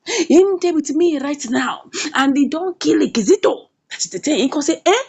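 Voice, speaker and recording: A Nigerian woman reviews a comedy series in a casual, animated recap at a moderate pace. Her high voice jumps around wildly and turns gravelly with fry at the ends of phrases. She repeats things for emphasis and keeps checking in with "eh?".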